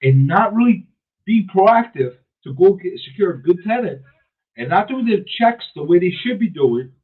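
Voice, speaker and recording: A talk radio host from New York City delivers an emphatic, opinionated monologue, frequently restarting his sentences. His voice is high and slightly rough, heard through tinny, phone-like radio audio.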